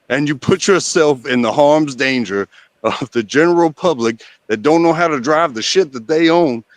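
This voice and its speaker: A man's voice: mid-range voice, moderate pace, no room sound. A man in casual stream chat telling a rambling, earnest anecdote with hesitant fillers.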